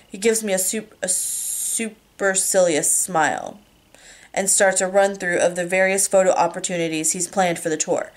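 A woman's voice: on the low side, steady tone, moderate pace. A woman reading a novel aloud casually, now and then stumbling over words and apologizing. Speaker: reader.

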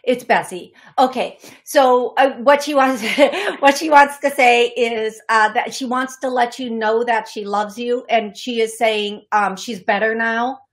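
Woman, middle-aged, radio medium taking calls, hesitant and apologetic, somewhat high-pitched. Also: steady tone. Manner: halting, apologetic, many fillers and restarts. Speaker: psychic medium radio host. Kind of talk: call-in radio reading.

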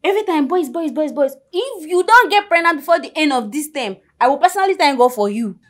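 A young woman playing a loud, exasperated teen girl scolding her friend. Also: high-pitched, moderate pace, natural voice.

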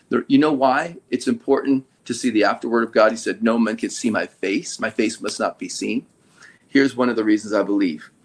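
A middle-aged man preaching a sermon in a relaxed, conversational way, drawing out key words for emphasis. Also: fairly low pitch, brisk.

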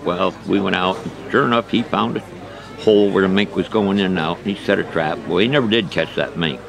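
An older man telling a folksy story from his trapping life in an interview, unhurried and plain-spoken. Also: deep voice, gravelly. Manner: folksy, unhurried, starts sentences with "well". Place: outdoor trappers' gathering. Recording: crowd chatter outdoors.

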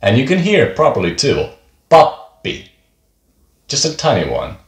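A man's voice: mid-range voice, huge pitch swings, quick pace. A man teaching a beginner pronunciation lesson, speaking patiently and repeating each example word twice. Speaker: language teacher. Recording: echoey room.

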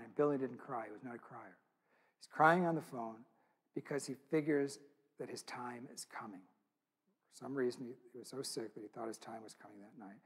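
Husky man, church speaker, earnest storytelling talk. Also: medium pitch. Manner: earnest, intimate storytelling with quoted dialogue.

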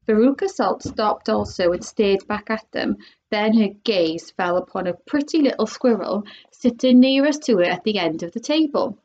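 A woman's voice: medium pitch, normal speed, darkish tone. A woman, a primary school teacher, reading a children's storybook aloud expressively. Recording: dull lo-fi recording.

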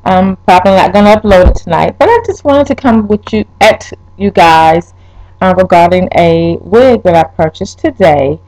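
A young woman vlogging a wig review, talking straight to her viewers, swearing and exasperated, her voice jumping up high when upset. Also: normal speed, a little mellow, poor audio. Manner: pitch leaps when upset. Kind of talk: casual vlog, ranting.

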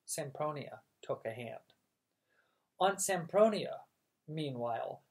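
A woman reading a children's book aloud as a gentle, unhurried bedtime story. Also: deep voice.

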